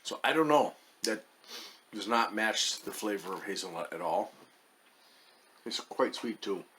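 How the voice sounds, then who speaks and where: A man's voice: fairly low pitch, animated, unhurried, a bit bright, a little hiss or hum. A man casually reviewing chocolates as the host of his own channel, wry and hesitant, muttering as he tastes. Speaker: food reviewer.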